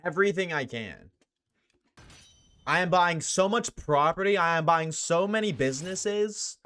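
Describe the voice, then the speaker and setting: A man's voice: a little high, pushed and bright. A young man live-streaming, chatting casually with his chat, slangy and swearing often.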